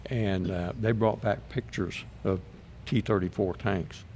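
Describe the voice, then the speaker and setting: An older man in his seventies with a very deep voice, telling stories from his military service in a casual way. He speaks at an unhurried pace and fills in the details of a shared story. There is a faint hum of noise behind him. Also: steady tone, a little mellow. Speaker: Vietnam veteran guest.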